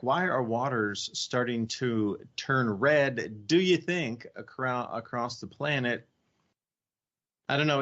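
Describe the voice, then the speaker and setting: Male talk radio host, mid-pitched, sarcastic asides, slightly muffled audio. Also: fairly bright tone.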